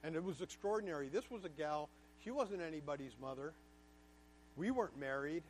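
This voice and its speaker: High-voiced man telling his story emphatically. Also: expressive, fairly quick, slight background noise. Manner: emphatic, candid, repeats words for stress. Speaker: guest speaker to a class. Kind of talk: personal storytelling lecture.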